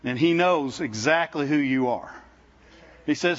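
High-voiced preacher with a muffled sound. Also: male voice, a little slow. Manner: conversational, frequent restarts, keeps asking the congregation "Amen?". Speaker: visiting preacher. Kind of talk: sermon. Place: church service with congregation.

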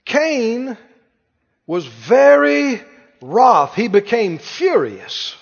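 High-voiced animated preacher in echoing hall. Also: male voice, measured pace. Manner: animated, rhetorical questions to congregation. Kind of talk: sermon. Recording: muffled sound with long hall reverb.

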